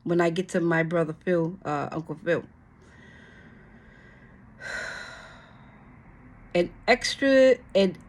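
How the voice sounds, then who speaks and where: A woman's voice: lowish voice, expressive, very slow, long pauses, a little hiss or hum. A woman hosting her channel, reading a bill aloud and cursing at it in exasperated commentary, with frequent sighs and restarts. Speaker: channel host.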